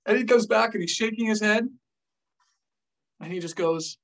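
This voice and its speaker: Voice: medium pitch, moderate pace, distant mic, rough recording. A former army officer telling a war story on a vlog, acting out the scenes with gestures. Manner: animated, acts scenes out with gestures.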